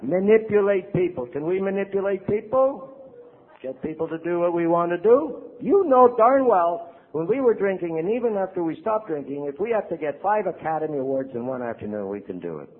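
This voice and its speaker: An older man, a priest, giving a lively recovery talk to an audience, acting out quotes and asking "right?". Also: high-pitched, a little fast, narrow, tinny audio, a little hiss or hum. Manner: animated storyteller, acts out quotes, asks the audience "right?".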